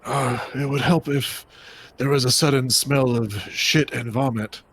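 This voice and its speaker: A man's voice: mid-range voice, steady tone, measured pace, fairly bright tone, a little hiss or hum. A man playing a tabletop game, talking about his moves in a laid-back, dry way. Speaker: player.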